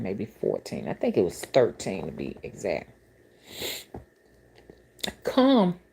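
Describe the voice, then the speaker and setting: A woman's voice: a bass voice, gravelly, mellow, breathy edge. A woman who works as a rootworker and spiritual reader, telling stories to camera in a blunt, colorful way, with exclamations and asides to her viewers. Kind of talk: casual storytelling to camera.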